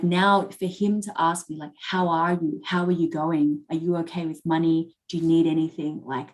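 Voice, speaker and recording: Lowish-voiced woman telling a candid story. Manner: candid, swears freely, emotional storyteller. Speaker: podcast co-host. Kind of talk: personal storytelling in casual chat.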